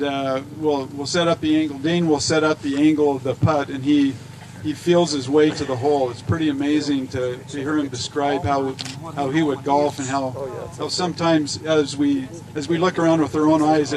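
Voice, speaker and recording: A man's voice: a little high, little pitch movement, moderate pace, rough recording. A man casually explaining a demonstration to a crowd outdoors, with some restarts. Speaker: event presenter. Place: outdoors at a golf course.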